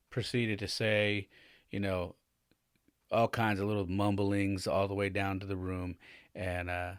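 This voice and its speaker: Man, 40s, podcast host, candid storyteller, lowish voice, dry close sound. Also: fairly bright tone, no room sound. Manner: acts out dialogue, voice rising as he gets worked up.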